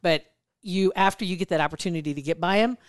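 A woman's voice: fairly low pitch, fast, dry recording, clean studio sound. A woman co-hosting a podcast in casual chat, emphatic and laughing, with mock exasperation. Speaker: podcast co-host.

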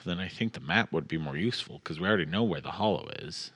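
A man's voice: sits low, fast, a bit bright, slightly rough. A man playing a tabletop game, asking careful, practical questions. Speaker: player. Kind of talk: casual tabletop play.

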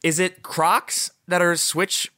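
A man playing a blunt, exasperated high-school college counselor with dry deadpan delivery, in an improvised comedy sketch. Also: takes it slowly, dry recording, full character voice. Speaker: comedy podcast co-host.

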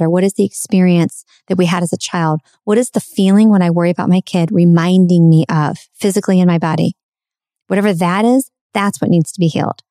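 On her podcast, a middle-aged woman speaks earnestly and reflectively about spiritual self-help, returning to certain phrases to stress them. Her voice is lowish and dark in tone, recorded cleanly in a studio with no room sound.

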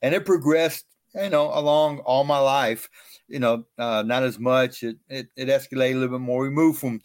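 Middle-aged male guest, animated self-mocking storyteller, dead-dry recording. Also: mid-range voice, normal speed, no room sound. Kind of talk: storytelling interview.

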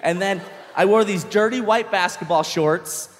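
A young man doing stand-up comedy, telling a story in an animated way, swearing freely and acting out shouts. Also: sits high, moderate pace, long reverb tail.

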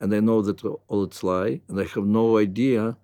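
An older man with a Russian accent, a native Russian speaker, answering interview questions in halting, reflective English. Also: lowish voice, steady tone, dark tone, no echo, studio quality. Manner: halting, restarts with "uh", non-native grammar. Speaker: guest.

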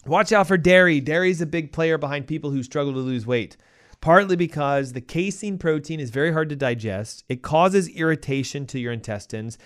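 A middle-aged man hosting a health show, giving emphatic, punchy advice full of rhetorical questions and quick asides. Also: fairly high pitch. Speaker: health podcast host. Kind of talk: energetic health advice talk.

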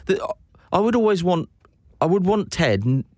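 A man in his thirties chats with a friend, bouncing through his stories with a lively, swooping pitch. He slips into the voices of the people he quotes. The sound is dry and close to the mic. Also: moderate pace, dry recording. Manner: animated storyteller, acts out quotes. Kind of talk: casual chat.

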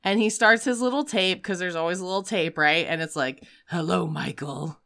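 A woman hosting a casual chat, telling a story with animated energy and bursts of acted-out shouting. Her voice is very bright and exceptionally clear. She talks loosely, with fillers and quick asides. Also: mid-range voice. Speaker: podcast host recapping films.

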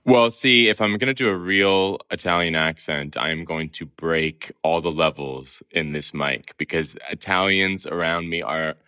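An animated man chats as a film-columnist guest, chuckling as he goes. His voice is bright and fairly low, with lively swings in pitch, and the sound is dry. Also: unhurried, few pauses, clean tone, no room sound. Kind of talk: casual interview chat. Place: in Venice, remote.

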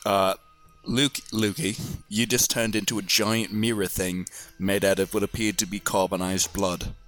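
A low-pitched man narrating as game master of a tabletop game. He talks hesitantly, stumbling and restarting, with faint music in the background. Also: little pitch movement, moderate pace, fairly bright tone. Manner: hesitant, many restarts and fillers.

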